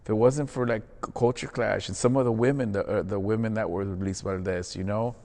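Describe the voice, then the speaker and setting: A man's voice: on the low side, steady tone, brisk, darkish tone, long reverb tail. A man who performs in theater, talking in a casual, earnest and reflective way during an interview, often calling the listener "man".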